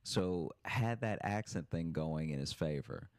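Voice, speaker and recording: A man's voice: low-pitched, lively intonation, unhurried, darkish tone, smooth, dry recording. A man hosting a podcast, telling stories in a wry, dry way and laughing at his own punchlines. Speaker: podcast host. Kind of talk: casual storytelling chat.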